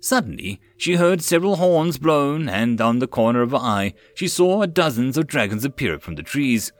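A man narrating a web novel audiobook, expressive and swinging with the action. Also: medium pitch, moderate pace, no room sound. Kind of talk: reading a web novel aloud.

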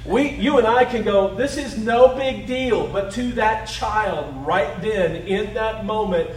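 A middle-aged man preaching a sermon in a conversational way, rising to loud emphasis and dropping to soft, hushed asides. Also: sits high, roomy sound, recorded from a distance, slight background noise, rough recording. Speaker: pastor.

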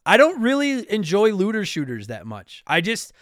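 A man's voice: high-pitched, wildly swooping pitch, moderate pace, fairly bright tone, no room sound, clean studio sound. A young man from Canada hosting a casual talk show, answering listener mail in a rambling, apologetic way with lots of restarts. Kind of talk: casual chat.

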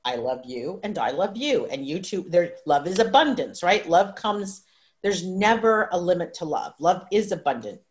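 A woman's voice: lowish voice, big pitch swings, moderate pace. A woman in her fifties hosting a video call, telling a personal story in a rambling, emotional way, full of restarts and asides. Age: 50s. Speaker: livestream host. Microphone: video call microphone.

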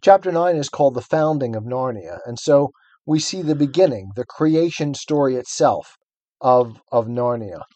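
A man's voice: mid-range voice, expressive, moderate pace, warm tone, no room sound. A man co-hosting a podcast, talking through a book in an earnest, explanatory way. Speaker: podcast co-host. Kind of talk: casual book discussion.

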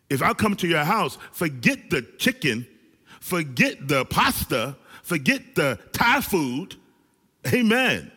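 A male pastor preaching a sermon to a small church gathering, with animated delivery that swings between loud and hushed. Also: a little high, breathy edge, long reverb tail. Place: small church service with few people present.

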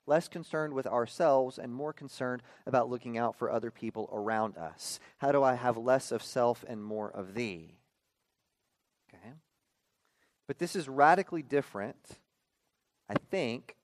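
A man in his thirties preaching a sermon as a pastor, often checking in with the listeners with quick rhetorical "okay?" and "right?". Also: fairly high pitch, no echo, clean studio sound.

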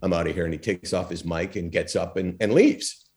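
A former talk show host telling lively stories as a podcast guest, acting out quotes and using lots of fillers. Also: male voice, deep voice, a little fast. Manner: animated storyteller, acts out quotes, frequent fillers. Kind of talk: storytelling in a podcast interview.

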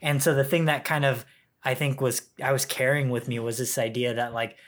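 A man's voice: mid-range voice, flat delivery, a little fast. Earnest man getting choked up. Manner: earnest, gets choked up while talking. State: emotional, close to tears. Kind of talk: casual podcast chat.

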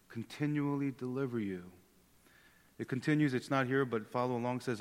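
In a space with long, hall-like reverb, a pastor in his thirties delivers a sermon. His voice sits at a medium pitch, and he keeps things easygoing, conversational and jokey, frequently repeating his words.

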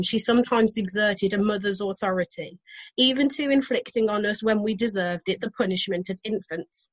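A woman's voice: a little high, poor audio. A woman co-hosting a podcast, telling a story in a casual way, often giggling with amusement as she reads quotes aloud. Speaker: podcast co-host.

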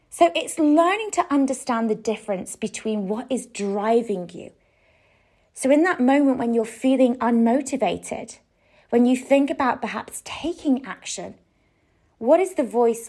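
A woman in her thirties hosting a solo coaching podcast, talking gently and reflectively, with soft laughs and frequent "you know". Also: fairly high pitch. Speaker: podcast host and business coach.

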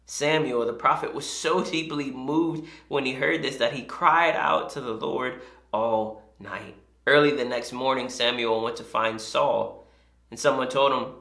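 A pastor preaching a sermon, retelling scripture in a conversational, animated way with casual asides. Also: medium pitch, normal speed, gravelly, reverberant.

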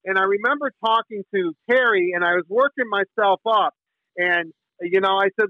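A middle-aged sports radio host from Michigan tells a rambling story in a casual interview, full of fillers and restarts, and bursts into singing the team song. His voice is high-pitched and brisk. The recording is dry and comes through a tinny phone line.

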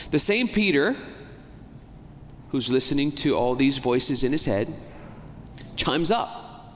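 A man preaching a homily as a priest, talking in a conversational way, asking the congregation questions and slowing down to stress key words. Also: mid-range voice, expressive, slight background noise. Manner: slows down and stretches key words for emphasis. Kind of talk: sermon. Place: church. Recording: long church reverb, faint ambience.

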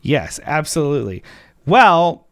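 A man's voice: on the high side, sing-song, a little slow, a bit bright, dry recording, studio quality. A man co-hosting a political commentary podcast, talking in an emphatic, sarcastic way. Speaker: podcast co-host.

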